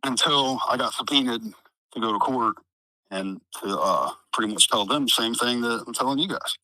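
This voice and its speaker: A Midwestern American man, interviewed as a trial witness, tells his story at a moderate pace in an animated, mid-range voice that's pushed and bright. Rambling and profane, he uses plenty of fillers and acts out what others said. The recording is dry and low quality.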